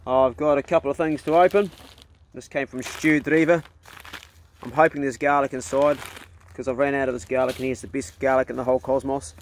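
A man's voice: medium pitch, steady tone, a little fast, a little hiss or hum. A middle-aged man with a New Zealand accent, telling jokes and chatting casually in an outdoor vlog as he works on a house truck. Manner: folksy storyteller, drops into put-on voices for joke characters. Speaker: vlogger.

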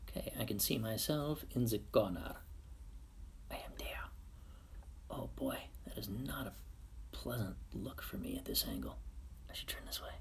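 A man's voice: on the low side, wildly swooping pitch, normal speed, vocal fry, long pauses, in a whisper. A man hosting a casual live-stream podcast, playful and muttering silly asides to himself as he sets up at his computer. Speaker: podcast host on a livestream.

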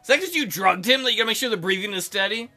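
A man's voice: sits high, animated, rapid-fire, pushed and bright, faint music behind. A man hosting a let's play, making joking, crude asides while reading through a visual novel game. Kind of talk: game commentary.

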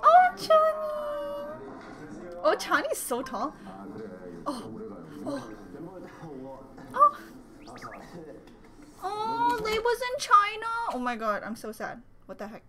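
A woman reacting to a music video, with excitable, gushing exclamations and a little out of breath. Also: very high-pitched, takes it slowly, pauses often, very noisy. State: slightly out of breath. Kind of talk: casual reaction commentary. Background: music video playing.

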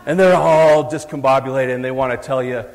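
A man's voice: medium pitch, steady tone, a little fast, darkish tone. A middle-aged man giving a live talk on parenting to an audience, chatty and joking with the crowd. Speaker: psychologist speaking at a parenting event. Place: large hall, live event. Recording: long hall reverb.

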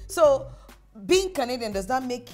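A woman's voice: high-pitched, big pitch swings, normal speed, over loud music. A woman with a Nigerian accent hosting a talk show, speaking emphatically and addressing her audience directly. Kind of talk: casual talk show conversation.

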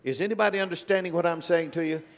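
A man preaching a sermon as a guest speaker, swinging between loud, drawn-out declarations and quiet, low rebukes, in a large church auditorium. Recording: long reverb of a big hall.

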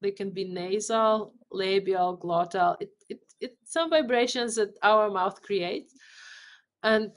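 A woman speaking English as a second language, guest on a podcast interview. She explains technical points at a medium pitch, with many fillers, false starts and repeated words as she searches for the phrasing. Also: takes it slowly, a little hiss or hum. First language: not English. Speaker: CEO and guest.

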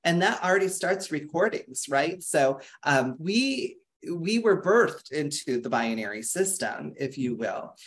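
Webinar presenter, video call, lively and chatty, mid-pitched, friendly restarts and fillers. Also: a little slow, few pauses. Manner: acts out quoted people with big pitch jumps. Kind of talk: interactive online workshop talk.

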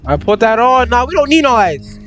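A man's voice: extremely high pitch, fairly quick, muffled recording, faint music behind. A young man commentating a horror game playthrough, chatting in slang and yelping when startled. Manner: excitable slangy chatter, jumpy yelps. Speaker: gaming YouTuber.

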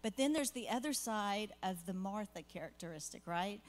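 A woman's voice: mid-range voice, animated, moderate pace. An older woman, a grandmother, sharing heartfelt parenting advice in a church Q&A conversation, earnest and rambling with asides.

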